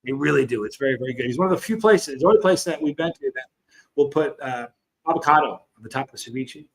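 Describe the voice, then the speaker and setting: Talking fast with lively intonation at a medium pitch, the fifty-something American behind a chili channel meanders through stories on his relaxed livestream. He greets viewers by name as he goes, and the recording is poor.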